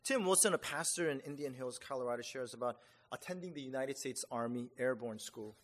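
Animated preacher in a reverberant hall. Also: male voice, brisk. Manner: animated, acts out reactions with rising pitch; conversational, with fillers and restarts. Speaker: pastor. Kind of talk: sermon.

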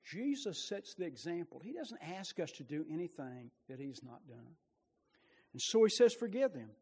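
A man's voice: sing-song, normal speed, slightly rough. Impassioned male preacher in echoing hall. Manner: impassioned, swinging between loud bursts and quiet low asides. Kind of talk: sermon.

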